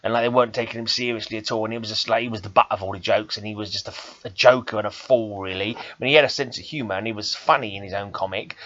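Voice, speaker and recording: A man's voice: fairly low pitch, fairly even intonation, rapid-fire, hardly any pauses, a bit bright, dull audio. A man who vlogs about comic books and hosts a metal podcast, rambling casually and laughing at himself. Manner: chatty, self-deprecating, laughs often.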